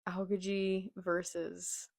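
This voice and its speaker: A woman reading a manga live and reacting, excitable and gushing, with gasps and exclamations, reading character lines aloud plainly. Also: lowish voice, takes it slowly, gravelly, dry recording, clean studio sound. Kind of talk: live read-along reaction.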